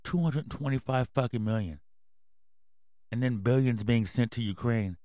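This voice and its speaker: A male podcast host in full rant, yelling and cursing through every line. His voice sits at an ordinary middle pitch. It is recorded close and dry, with no room sound. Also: normal speed, no room sound. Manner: angry, yelling, swearing constantly. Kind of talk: profane ranting commentary.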